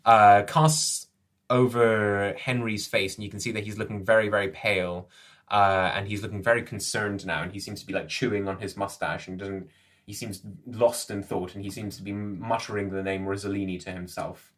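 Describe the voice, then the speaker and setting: A man's voice: on the low side, steady tone, moderate pace, fairly bright tone. Male game master narrating a tabletop game, hesitant delivery. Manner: hesitant, with fillers and restarts.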